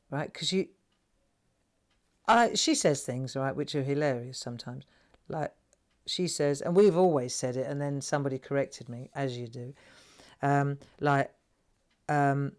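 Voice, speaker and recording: A woman in her sixties with a South London accent, chatting and laughing as host of a live craft stream, often tagging her sentences with "right?". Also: deep voice. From England. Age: 60s. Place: home craft room.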